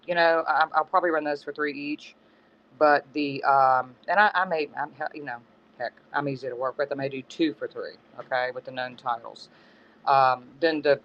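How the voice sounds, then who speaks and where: A middle-aged man hosting a live-stream auction from his home, chatting casually in a rambling, self-correcting way. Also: a little high. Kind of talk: casual live-selling chat. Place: home in the woods. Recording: dull lo-fi phone stream with faint background noise.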